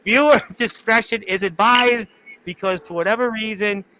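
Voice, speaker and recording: High bright-voiced male podcast host. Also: normal speed, slight background noise. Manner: excitable, laughs often. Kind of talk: casual podcast chat.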